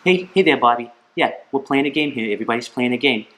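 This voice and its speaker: Man doing impatient youth coach, high and hollering. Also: animated, fast talker, natural voice. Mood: calling out. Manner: calling out loudly to a distracted kid.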